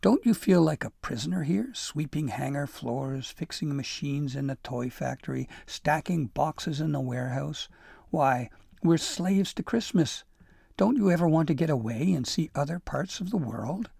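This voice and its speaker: A restless young elf longing for adventure, speaking earnestly with a wistful edge, as a man puts him on. The tone is mellow and a bit husky, with a dry, close sound. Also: fairly high pitch, expressive, moderate pace, dry recording, heavily acted. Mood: yearning. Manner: earnest, yearning.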